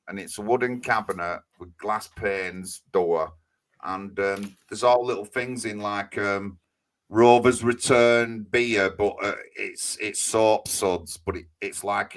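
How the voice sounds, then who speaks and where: Man, low voice, rambling earnest live chat. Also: fairly bright tone. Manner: rambling, earnest, with many fillers. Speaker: co-host and media spokesman. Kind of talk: casual live-stream chat.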